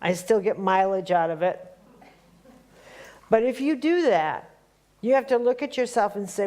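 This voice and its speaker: A woman's voice: medium pitch, lively intonation, moderate pace, darkish tone. A woman leading a spiritual workshop who talks conversationally and teases the live group as she quizzes them. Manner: conversational and teasing, quizzing the audience. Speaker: workshop leader.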